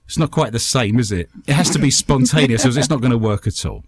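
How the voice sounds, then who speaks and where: A man's voice: mid-range voice, animated, fast, slightly rough, no echo, studio quality. Jokey guy host reading out listener mail, voice goes all over the place. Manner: jokey, reads listener messages aloud. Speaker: podcast host. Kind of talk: casual comedy chat.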